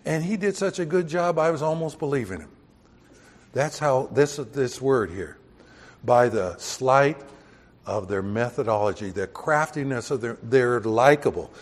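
A man's voice: medium pitch, a little slow. Texan male pastor, mid-range voice, casual verse-by-verse preaching with emphatic peaks. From Texas. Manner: conversational preaching, rising emphatic on key points. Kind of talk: sermon.

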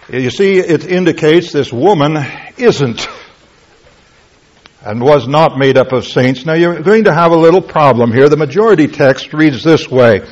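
Emphatic preacher man, lo-fi recording. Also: mid-range voice. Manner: emphatic, explanatory, with rhetorical questions. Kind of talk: Bible teaching sermon. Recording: lo-fi, dull-sounding recording.

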